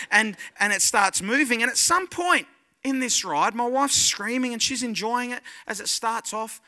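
A man preaches a sermon in a high, very bright and forceful voice. He tells his story with animated energy and acts out his own panic and delight as he goes. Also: a little fast. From Australia. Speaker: guest pastor.

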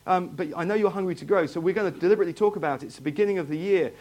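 A man's voice: high-pitched, very fast, hardly any pauses, darkish tone. A man preaching a sermon to his congregation, talking in a conversational way, asking them questions and often repeating himself. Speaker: pastor. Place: church hall, in front of a congregation.

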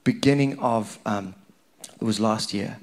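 A man preaching a conversational, animated sermon to a church congregation. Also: unhurried. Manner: animated, conversational, rising in pitch when stirred.

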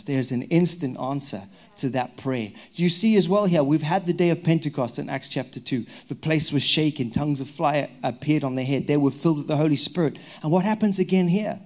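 A man from Zimbabwe with a Zimbabwean accent, a pastor giving a lively sermon with humorous stories. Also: medium pitch, normal speed. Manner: lively, humorous storytelling with prayer. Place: church hall.

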